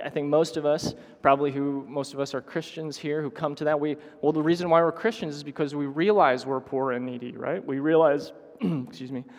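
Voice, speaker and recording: A man preaching a sermon to his congregation, halting with restarts and clearing his throat often. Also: on the high side. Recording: long hall reverb.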